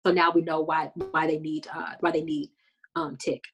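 Woman recapping a show, chatty and animated, acts out the lines, lowish voice. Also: moderate pace, soft background music. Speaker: podcast co-host. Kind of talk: casual episode recap chat.

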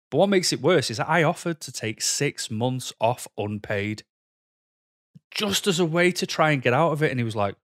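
A man telling a personal story to camera, candid and halting, often frustrated and filling gaps with "you know". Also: medium pitch, animated, fairly bright tone, no room sound, studio quality. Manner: frustrated, heated. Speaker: vlogger.

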